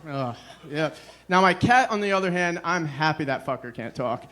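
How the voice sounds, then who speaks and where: A young man performing a stand-up comedy set, deadpan and self-deprecating, with a weary "ugh" between jokes. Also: a little high, normal speed, a little hiss or hum.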